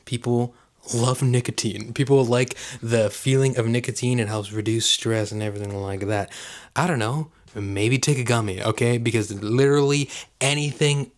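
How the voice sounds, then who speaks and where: A man's voice: medium pitch, steady tone, moderate pace. Rambling man in a put-on accent. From Puerto Rico, Canada and United States. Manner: rambling, jokey, swings into exaggerated fake accent. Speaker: vlogger. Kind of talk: reaction commentary in a put-on accent.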